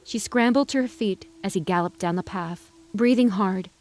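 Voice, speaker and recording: A woman reading a western novel aloud as narrator, in an even, measured storytelling voice. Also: mid-range voice, slight background noise. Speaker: audiobook narrator. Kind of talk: scripted narration.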